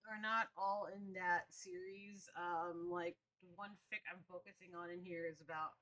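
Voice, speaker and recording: A woman's voice: fairly low pitch, fairly even intonation, moderate pace, hardly any pauses, sharp tone. A woman streamer chatting casually as she plays a game, rambling along with frequent ums. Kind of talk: casual let's-play chat. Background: game music.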